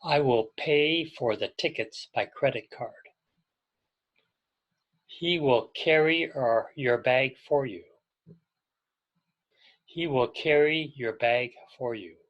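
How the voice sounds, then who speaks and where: A man teaching an English grammar class to adult learners, explaining slowly and clearly and pausing so students can repeat after him. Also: medium pitch, highs cut off. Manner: patient, deliberate, pauses for learners to repeat. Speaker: ESL teacher.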